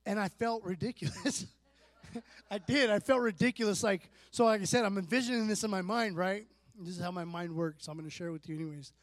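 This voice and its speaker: Likely in his thirties, this high-pitched man gives his church testimony casually and self-deprecatingly, stumbling through many fillers and restarts. The recording is dry.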